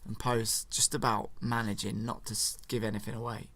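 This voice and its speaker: Dad retelling a film. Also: male voice, lowish voice, brisk, no room sound. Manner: relaxed, chatty, playful. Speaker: father telling a story to his child. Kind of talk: casual storytelling.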